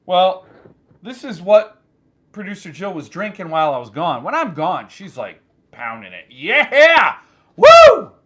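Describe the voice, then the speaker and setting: A man hosting his own channel, telling a story in an animated, joking casual chat. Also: high voice, normal speed. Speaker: channel host.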